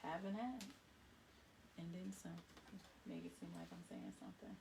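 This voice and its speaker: Lively, playful woman co-host. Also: lowish voice, normal speed, creaky, noisy background. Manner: lively, playful, laughs often. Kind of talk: casual live-stream chat.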